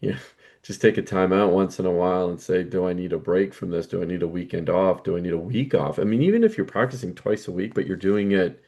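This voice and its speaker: Low-voiced male podcast co-host. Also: quick pace, a little mellow, highs cut off. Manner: conversational, fillers like you know and right. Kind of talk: casual podcast chat.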